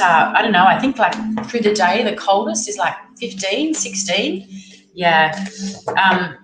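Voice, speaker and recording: Chatty Australian woman in an echoey room. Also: medium pitch. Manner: chatty, greets viewers by name, reads comments aloud. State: has a cold. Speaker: livestream host, tarot reader. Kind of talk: casual livestream chat. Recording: echoey room with music playing. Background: music.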